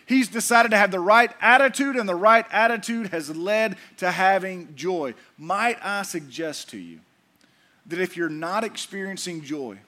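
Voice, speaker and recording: A middle-aged man preaching a sermon to his church, folksy, joking with the congregation and animated. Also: sits high. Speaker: pastor.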